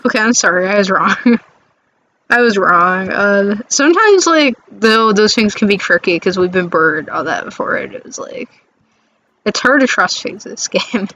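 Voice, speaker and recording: A woman's voice: medium pitch, expressive, normal speed, a bit bright, muffled recording, slight background noise. A woman co-hosting a let's play, chatting casually and rambling about the game. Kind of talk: casual chat over a game.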